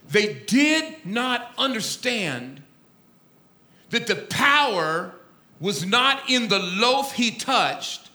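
Male pastor, high lively voice, very bright tone, dramatic sermon, echoey room. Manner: dramatic storytelling, swings from loud to hushed.

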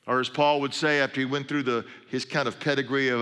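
A man's voice: mid-range voice, level tone, fast talker, sharp tone, clean tone. A middle-aged man preaching a sermon as a pastor, telling stories in a conversational way with humorous asides. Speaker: pastor and sports chaplain. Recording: long hall reverb.

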